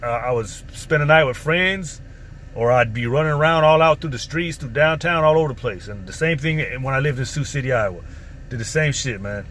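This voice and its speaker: A man's voice: medium pitch, animated, fairly quick, fairly bright tone. A man casually telling a story from his past, in a profane, streetwise, rambling way. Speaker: vlogger. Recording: faint background noise.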